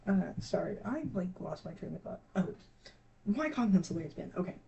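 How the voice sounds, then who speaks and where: A teenage gaming creator talking casually to viewers, halting and scattered, with many restarts and trailing thoughts. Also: medium pitch, big pitch swings, creaky, warm tone, muffled recording, slight background noise. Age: teens. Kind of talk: casual rambling talk to viewers.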